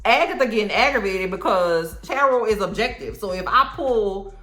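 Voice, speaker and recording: A woman's voice: medium pitch, echoey room. A woman, chatting casually and animatedly through a TV episode recap. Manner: chatty, animated, quick asides. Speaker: TV recap vlogger.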